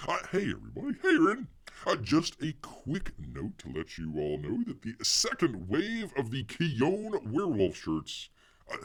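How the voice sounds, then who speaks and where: A man's voice: mid-range voice, creaky, fairly bright tone. A man hosting a casual livestream, rambling to viewers, reading the chat aloud and calling himself Bear in the third person. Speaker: livestream host.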